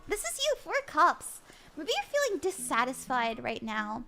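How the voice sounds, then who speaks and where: Young woman doing tarot on stream, high lively voice, lots of giggles, chatty. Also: measured pace, music in the background. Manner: giggly, bubbly, chatty with viewers. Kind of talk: casual live-stream tarot reading.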